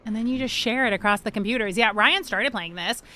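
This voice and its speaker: A woman streaming a video game, chatting to her viewers, swearing freely and reacting fast to the gameplay. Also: a little high, pushed and bright. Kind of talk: casual gameplay livestream chat.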